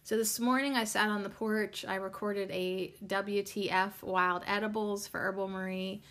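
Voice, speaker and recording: A woman's voice: medium pitch, steady tone, moderate pace, fairly bright tone. A woman hosting her own podcast, talking in a chatty, rambling way with many ums and the odd curse word. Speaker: podcast host. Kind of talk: casual solo podcast chat.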